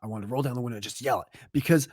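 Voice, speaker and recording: A man's voice: medium pitch, very fast, a little mellow, dry recording, clean studio sound. A man co-hosting a casual podcast, telling a long rambling story with plenty of swearing. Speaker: podcast co-host.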